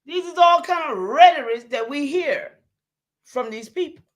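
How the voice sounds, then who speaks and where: A woman with a high, lively voice speaks at an unhurried pace while hosting a livestream. She addresses her viewers directly, stressing her points and repeating them, and when she gets heated she swears and then apologises.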